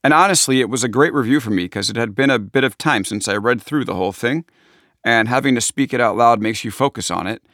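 A man's voice: medium pitch, fast, fairly bright tone, dry recording, clean studio sound. A man with a Long Island accent, an author chatting casually and self-deprecatingly about his book in interview answers.

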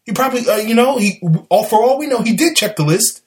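A man with a Southern US accent, hosting a casual sports talk show and breaking down football plays in an animated, exasperated, argumentative way. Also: very high voice, quick pace.

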